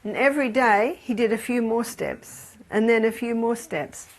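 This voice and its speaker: A woman's voice: a little high, moderate pace. A woman with an Australian accent, giving a storytelling health lecture in a chatty manner. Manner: chatty, laughs between anecdotes. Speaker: health educator.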